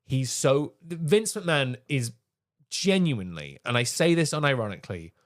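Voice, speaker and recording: A man's voice: mid-range voice, very animated, moderate pace. A man, co-hosting a podcast in casual chat. He talks with enthusiasm, laughs often and swears freely. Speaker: podcast co-host.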